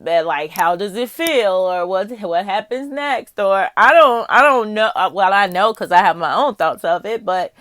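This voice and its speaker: A woman's voice: medium pitch, fairly bright tone, no echo. A woman doing a casual tarot reading, talking straight to the viewer, candid and profane, musing aloud. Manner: candid and profane, with frequent laughs. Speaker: tarot reader.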